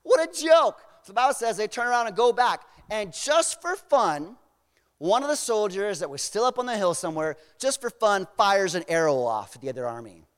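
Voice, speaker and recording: High-voiced male pastor, casual storytelling sermon, long church-hall reverb. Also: expressive, fairly quick, clean tone. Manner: casual, paraphrasing with slang.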